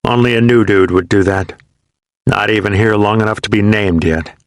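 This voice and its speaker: Brief: a man doing a callous, hardened grunt, low gravelly curt orders, close and dry. Audiobook. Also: steady tone, normal speed, no room sound, close to an everyday voice. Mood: scornful. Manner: gruff, curt and contemptuous. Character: hardened young male Marine, callous and scornful.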